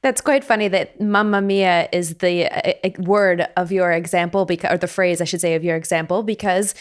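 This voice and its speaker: A woman's voice: on the low side, normal speed. A young American woman hosting a casual chat, talking easily, correcting herself now and then and laughing often. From United States. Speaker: host.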